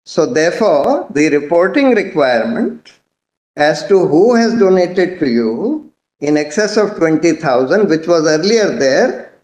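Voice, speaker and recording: A man's voice: a little high, darkish tone. Indian man arguing in an echoey courtroom. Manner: measured, methodical, formally addresses the bench. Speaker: advocate arguing before a court. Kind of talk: courtroom legal argument.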